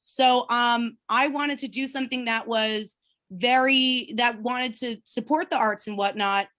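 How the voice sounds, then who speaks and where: A woman's voice: a little high, steady tone, unhurried, a bit bright. A young woman, a burlesque performer, telling her story upbeat and emphatically in an interview. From United States. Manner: upbeat, emphatic, punchy list delivery.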